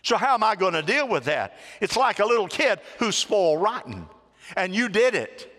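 Man, pastor, sermon, high voice, bright tone, long hall reverb. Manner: animated preaching with dramatic voices and drawn-out phrases.

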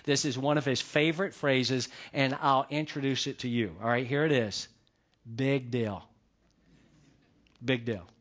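A man's voice: mid-range voice, moderate pace, hardly any pauses, fairly bright tone. A man preaching a sermon as pastor, talking in a conversational, repetitive way and checking in with the congregation.

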